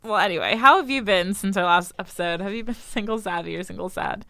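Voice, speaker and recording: A woman's voice: mid-range voice, fast talker, creaky, pushed and bright, no echo, studio quality. A young woman co-hosting a podcast, chatting animatedly and laughing often. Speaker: podcast co-host. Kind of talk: casual chat.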